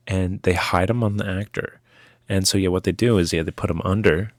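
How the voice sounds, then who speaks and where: A man's voice: low voice, fairly even intonation, fairly quick, no room sound. A young man casually rambling through a gear test, full of fillers and restarts. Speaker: vlogger testing a lavalier mic.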